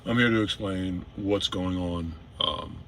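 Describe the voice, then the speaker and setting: Deep-voiced, emphatic truck driver vlogging. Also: male voice, measured pace, gravelly, fairly bright tone, a little hiss or hum. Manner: repetitive, emphatic, addresses viewers directly. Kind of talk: casual to-camera monologue. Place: in a vehicle.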